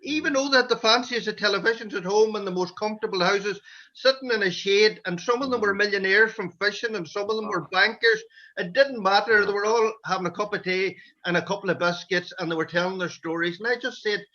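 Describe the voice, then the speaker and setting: A man's voice: high-pitched, a little fast, pushed and bright. A man with a Donegal Irish accent telling rambling stories about his men's shed over a video call. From Ireland. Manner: rambling anecdotal storytelling. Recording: dull lo-fi video call audio.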